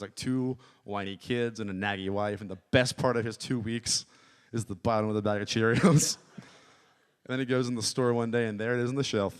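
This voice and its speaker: A man performing a stand-up comedy set at an open mic, rambling with deadpan asides. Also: on the low side, clean tone. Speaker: stand-up comic. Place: small comedy venue.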